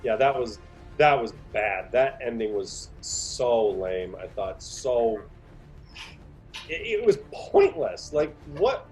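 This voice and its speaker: A man's voice: medium pitch, very animated, slow pace, darkish tone, soft background music. A man co-hosting a podcast, talking about a film in a casual, blunt and dismissive way, with lots of "like". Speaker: podcast co-host. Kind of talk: casual movie chat.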